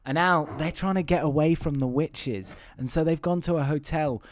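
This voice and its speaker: A man's voice: a little high, normal speed, no room sound, clean studio sound. A man co-hosting a casual film-recap podcast, joking and laughing often with plenty of fillers. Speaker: podcast co-host.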